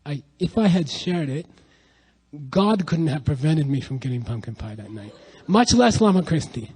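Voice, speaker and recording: A middle-aged man giving a lively spiritual talk to an audience, telling stories and asking rhetorical questions. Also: fairly high pitch, normal speed, breathy edge, poor audio. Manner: animated, rhetorical questions, storytelling. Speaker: spiritual teacher.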